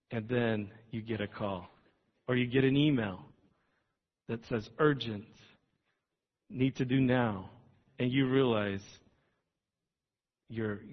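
A man preaching a sermon in an earnest, reflective way, pausing and restarting as he talks. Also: medium pitch. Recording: dull lo-fi sound.

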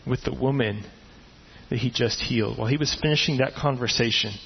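Male pastor mid-sermon, animated storyteller, slightly husky, dull lo-fi sound with long hall reverb. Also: mid-range voice, brisk. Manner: animated storytelling, acting out voices. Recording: dull, echoey hall recording.

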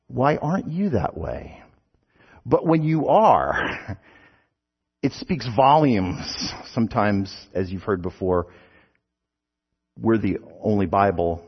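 A man's voice: on the low side, slightly rough. A man preaching a sermon, telling stories with rhetorical questions and light asides, in a dull recording with a long hall echo.

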